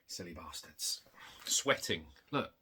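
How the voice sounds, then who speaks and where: A man showing off his retro game collection in a casual, rambling way, excitable and swearing, getting worked up in rants, hot and sweaty. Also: slow, a little hiss or hum. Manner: excitable, swearing, rants with big pitch jumps. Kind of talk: casual rambling show-and-tell.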